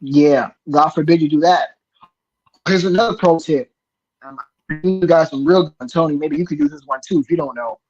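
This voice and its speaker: A man with a slightly high voice gives advice in a loose podcast chat. He restarts his sentences often, and the audio sounds a bit dull and lo-fi. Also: normal speed, a little mellow, faint music behind. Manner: chatty advice-giving with many restarts.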